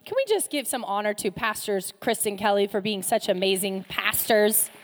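A woman pastor delivers a sermon in an animated, playful way, repeating phrases for emphasis and slipping in joking asides. Her voice sits at a middle pitch and carries a long reverb from a large hall. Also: normal speed, slight background noise. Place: church sanctuary.

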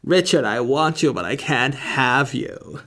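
A man putting on the voice of a lovesick young man, pleading melodramatically in a high, breathy tone. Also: unhurried, a bit bright. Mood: melodramatic pleading.

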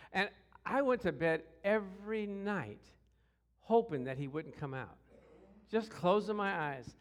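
A middle-aged man preaching a sermon through personal stories, acting out voices with shouts and growls. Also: sits high. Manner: animated, acts out quotes with shouts and growls. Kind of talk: storytelling sermon.

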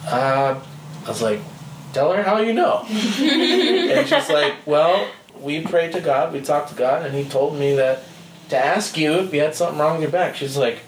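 A man preaches in an easygoing, conversational way, moving from stories into scripture and laughing as he goes. His voice carries in a reverberant room, with faint ambient noise underneath. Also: on the high side. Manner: conversational storytelling, laughs often. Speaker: speaker teaching a church group. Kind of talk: informal sermon. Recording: roomy hall with faint ambience.

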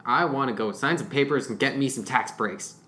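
A man's voice: mid-range voice, a little fast, pushed and bright, slight background noise. A man co-hosting a podcast, chiming in with dry, joking remarks in casual chat. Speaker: podcast co-host.

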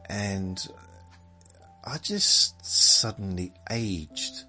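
A man in his seventies drifts through a slow, meandering monologue, teasing himself along the way. His voice sits very low yet rises and falls expressively. Faint music plays beneath him. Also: lively intonation, sharp tone. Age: 70s. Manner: meandering, self-mocking, drawn out. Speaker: podcast host. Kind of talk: rambling bedtime monologue.

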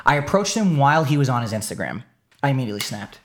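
A young man telling a story in a casual chat, animated, repeating words and getting fired up. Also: medium pitch, quick pace. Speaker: streamer, podcast co-host.

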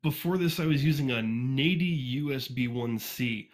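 Fast-talking man from Northeast Ohio. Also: mid-range voice. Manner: fast-talking, informal, frequent fillers and restarts. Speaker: podcast guest, fan audiobook reader. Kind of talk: casual interview chat. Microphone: USB condenser microphone.

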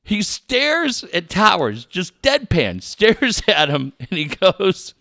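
A man's voice: high voice, wildly swooping pitch, slow pace, pushed and bright, no echo, studio quality. A middle-aged man hosting a sports talk show, telling a profane story with lots of laughter. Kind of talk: casual storytelling chat.

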